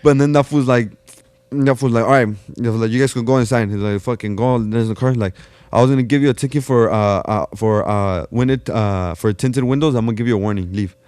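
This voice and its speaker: A man's voice: mid-range voice, a little fast, darkish tone, smooth, no echo. A young man, a podcast guest telling a street story in casual, slangy, profane talk full of "fool" and restarts.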